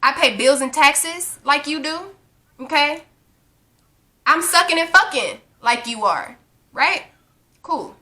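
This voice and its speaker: A woman's voice: high voice, takes it slowly, long pauses. A woman in her twenties ranting in a casual vlog, blunt and profane, acting out arguments as she tells them. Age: 20s. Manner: blunt, profane, animated storytelling. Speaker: vlogger.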